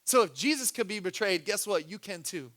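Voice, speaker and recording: A man preaching a sermon as a pastor. He swings between soft, low asides and loud, urgent pushes. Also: animated, fairly quick.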